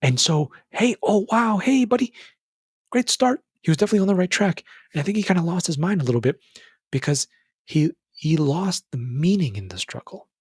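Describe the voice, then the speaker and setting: A young man hosting a podcast, giving a casual, earnest motivational talk that addresses the listener as brother and jumps up in pitch when he stresses a point. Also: animated, brisk, a little mellow, husky, dry recording, clean studio sound. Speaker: podcast host. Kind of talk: motivational monologue.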